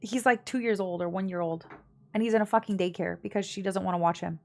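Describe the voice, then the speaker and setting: A woman's voice: medium pitch, fairly even intonation, fast, vocal fry. A young woman live-streaming from home, chatting casually with her viewers and telling family gossip in a blunt way, full of fillers.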